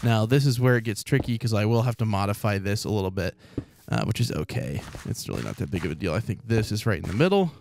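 A man's voice: lowish voice, quick pace, gravelly, slight background noise. A man from Oklahoma hosting a let's play, chatting casually as he thinks aloud in a rambling, upbeat way. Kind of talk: casual gameplay commentary. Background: faint calm background music.

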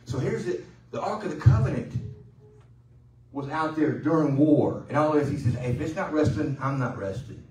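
A male pastor preaching a sermon in a loose, conversational way, joking and pausing for the congregation to answer. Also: fairly high pitch, expressive, a little mellow, roomy sound, distant mic, poor audio. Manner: conversational, joking, with call-and-response. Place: church sanctuary.

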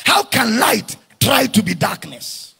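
Raspy, high-voiced man preaching fervently. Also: lively intonation. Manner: impassioned preaching with frequent shouted lines; drawn-out emphatic phrasing. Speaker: pastor. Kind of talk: sermon.

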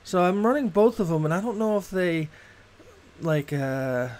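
A middle-aged man from Boston talks loosely through a gaming livestream, his voice sitting a little high for a man. He rambles from thought to thought, with plenty of filler and cursing scattered throughout. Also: animated, normal speed, darkish tone. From Boston, USA. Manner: rambling, swears freely. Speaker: game streamer. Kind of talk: casual gaming livestream chat.

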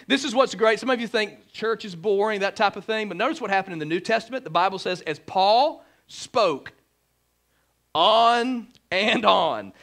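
A man preaching a humorous sermon as pastor, joking with the congregation and using lots of "like" and "right?". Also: sits high. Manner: joking, animated, fillers like "like" and "right?". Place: church sanctuary.

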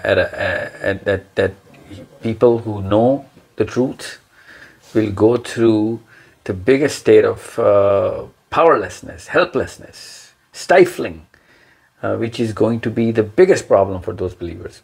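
A man's voice: medium pitch, a little mellow, husky. Earnest man explaining with emphasis. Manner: earnest, emphatic, acts out imagined quotes; repeats words while searching for phrasing. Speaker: guest speaker. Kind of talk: explanatory talk in an interview.

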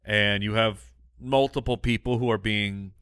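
A man's voice: lowish voice, fairly even intonation, unhurried, a bit bright, clean tone, dry recording, studio quality. A man co-hosting a comedy podcast, easygoing and reflective in casual chat.

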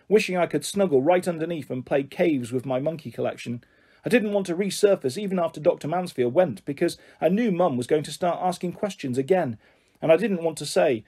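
Husky, mellow man reading a children's book. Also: a little high. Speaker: storyteller.

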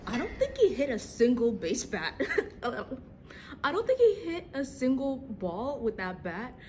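A young woman casually reacting to a TV drama episode, excitable and slangy, laughing often. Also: a little high, measured pace, slight background noise. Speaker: reaction video host.

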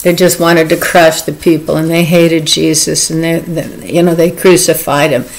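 A woman's voice: low voice, fairly even intonation, moderate pace, gravelly, poor audio. An earnest woman giving an informal, emotional Bible teaching and chuckling now and then. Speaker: devotional speaker.

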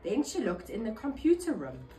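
A woman reads a children's picture book aloud, her pitch a touch high and bouncing expressively from line to line. Her storytelling is animated, with faint background noise. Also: normal speed, low-quality recording.

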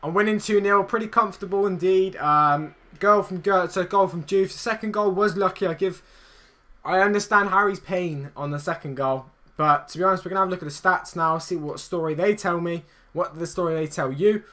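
A young man giving excitable, swearing commentary over his own football video game match, teasing his opponent. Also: high voice, a little fast. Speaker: gaming YouTuber. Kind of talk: live gameplay commentary.

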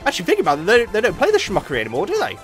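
A man giving jokey let's play commentary as a gaming YouTuber, getting excitable and yelping at close calls. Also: high voice, very fast, faint music behind. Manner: excitable, jokey, yelps at near misses.

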